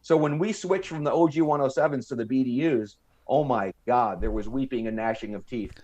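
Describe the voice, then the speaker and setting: A middle-pitched American man in his fifties, telling an old story on a podcast in relaxed, casual talk. He jumps into the voices of the people he quotes and then drops back into his own plain speaking voice. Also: a little fast. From United States. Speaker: podcast guest. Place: podcast studio.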